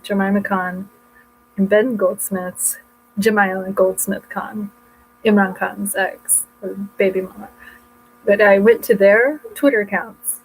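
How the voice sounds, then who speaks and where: A woman's voice: mid-range voice, slight background noise, low-quality recording. A woman vlogging at home in a casual, rambling way, often breaking off mid-thought as she shows her books. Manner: rambling, chatty, self-interrupting. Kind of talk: casual chat showing books.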